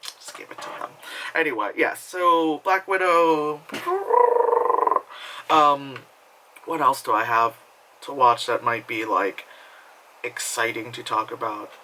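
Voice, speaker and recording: A man's voice: medium pitch, fairly even intonation, slow, pauses often, background noise. A man talking casually from home as he reviews a movie, rambling, swearing freely and laughing at himself. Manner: rambling, profane, self-mocking with frequent laughs.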